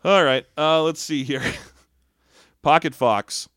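A man's voice: fairly high pitch, slow pace, fairly bright tone, smooth, no room sound, studio quality. A man co-hosting a comedy podcast, joking and laughing often as he reads listener questions. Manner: jokey, laughs often, slips into silly voices. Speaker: podcast co-host. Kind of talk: casual comedic chat.

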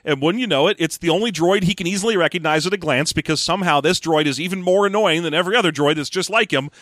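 A man co-hosting a podcast, recapping a book with joking, animated storytelling. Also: fairly high pitch, fast talker, no room sound, clean studio sound. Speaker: podcast co-host. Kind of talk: casual comedic book recap.

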